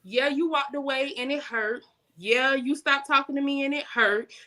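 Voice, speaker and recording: A young woman with a bright, clear voice pitched a little high tells stories casually. She is animated and laughs often, slipping into everyday vernacular. She talks about faith and daily life as a guest. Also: moderate pace. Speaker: guest, business owner.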